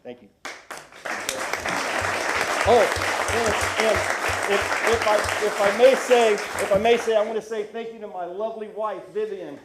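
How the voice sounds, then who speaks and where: High-voiced man choked up with gratitude. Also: steady tone, measured pace, over a noisy crowd, very noisy. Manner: effusive, repeats thanks, speaks with warm religious gratitude. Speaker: retiring police officer being honored. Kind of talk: emotional thank-you speech. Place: city council chamber.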